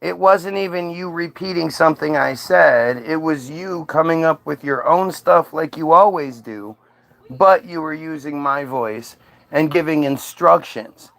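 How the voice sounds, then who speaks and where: A man's voice: fairly high pitch, unhurried, gravelly, a bit bright, no echo, poor audio. Blunt accusing American man. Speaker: streamer questioning an AI. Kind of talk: confrontational casual talk.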